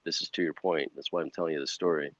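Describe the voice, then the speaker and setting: Deep voiced guy telling his story, rambly, lots of you know, dull dry sound. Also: fast, no echo. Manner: rambling, animated, full of "you know" asides. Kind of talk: casual storytelling interview.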